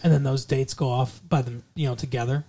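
A man co-hosting a casual movie review podcast, rambling and joking, slipping into quick impressions. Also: medium pitch, steady tone, a crowd in the background. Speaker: podcast co-host.

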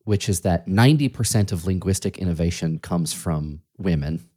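A man hosting an interview, asking slow, deliberate, thoughtful questions. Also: sits low, mellow. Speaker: podcast host.

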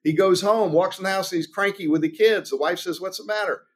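A man's voice: high voice, fairly quick, husky. A man, a trial lawyer, answering at length in a podcast interview, telling stories and acting out the people in them. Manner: animated storytelling, acts out quoted voices.

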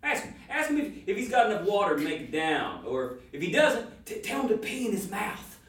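A man playing a crude, offhand ranger sidekick with a high voice that swoops up and down. He delivers his lines deadpan in a comedy sketch, recorded from a distance in a roomy space. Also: fairly quick.

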